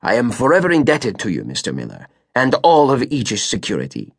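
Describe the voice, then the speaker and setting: A man reading an audiobook voices a formal, grateful older sheik with a thick foreign accent, speaking low and courteously. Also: wildly swooping pitch, a little fast, vocal fry, breathy edge, dry recording, clean studio sound, full character voice. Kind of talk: audiobook character voice.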